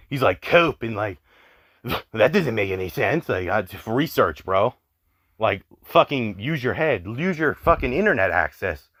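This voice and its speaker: A young man with a fairly low, slightly bright voice rants as an online commentary YouTuber. He sounds exasperated, swears frequently and keeps dropping "like" into his sentences.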